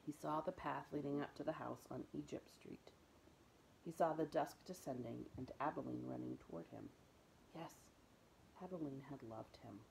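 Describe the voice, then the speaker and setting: A woman librarian reading a children's book aloud in a gentle, expressive storytelling voice. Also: low-pitched, moderate pace, vocal fry, slight background noise, rough recording. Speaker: school librarian.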